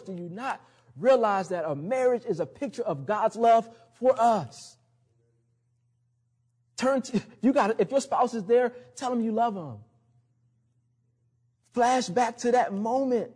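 Husky-voiced man preaching a conversational sermon. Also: measured pace. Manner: conversational preaching, laughs often, drops low and soft for emphasis. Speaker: pastor.

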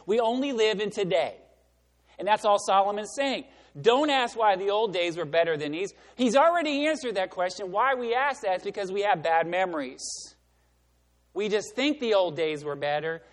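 High-voiced preacher in a long-reverb sanctuary. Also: male voice. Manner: conversational storytelling preaching with wide swings in loudness. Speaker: pastor. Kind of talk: sermon. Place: church sanctuary.

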